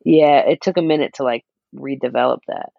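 A man's voice: medium pitch, brisk, creaky, dry recording, highs cut off. A young man co-hosting a podcast, chatting in a laid-back way with short agreeing replies. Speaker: podcast co-host. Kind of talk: casual chat.

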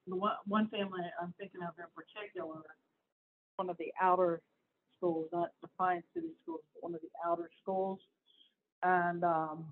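A woman hosting a casual news commentary on education, talking in a chatty, rambling way with asides and restarts. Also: fairly low pitch. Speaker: host. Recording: tinny phone-like audio.

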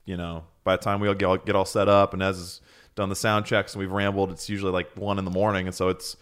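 A man with a fairly low voice co-hosts a relaxed podcast from his home. He rambles and teases his co-host in easy, joking chat. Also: fast, smooth. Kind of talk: casual chat. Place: home, near a kitchen.

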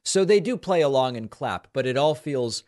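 A man hosting a political commentary show, sarcastic and mocking as he talks over clips. His voice sits at an ordinary middle pitch. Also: expressive, moderate pace, heavy background noise. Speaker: political talk show host.

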